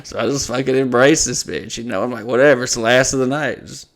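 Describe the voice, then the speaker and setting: A comedian who hosts a podcast tells an animated, profane story during casual chat. He has a mid-range voice and a quick pace.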